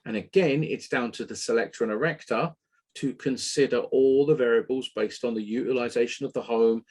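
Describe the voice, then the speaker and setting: Male webinar host, husky, opinionated, lively delivery. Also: mid-range voice, brisk. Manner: animated, opinionated, occasional swearing. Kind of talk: casual technical webinar talk.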